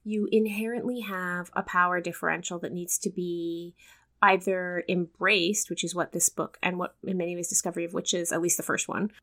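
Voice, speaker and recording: A woman's voice: lowish voice, fairly even intonation, moderate pace, fairly bright tone. Sardonic woman co-hosting a podcast. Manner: sardonic, dry humor. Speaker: podcast co-host. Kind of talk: casual podcast discussion.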